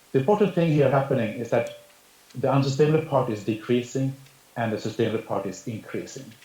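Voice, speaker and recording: A man's voice: mid-range voice, a little mellow. Man giving an echoey lecture by video. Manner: measured, explanatory, with frequent restarts and hesitations. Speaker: conference speaker. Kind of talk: academic presentation over video link. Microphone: video call.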